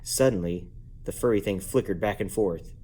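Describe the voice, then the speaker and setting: A man reading a children's book aloud at bedtime at home, lively and playful, jumping up in pitch to give each character a voice. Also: normal speed, a little hiss or hum. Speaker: parent reading a bedtime story. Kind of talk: bedtime story read-aloud.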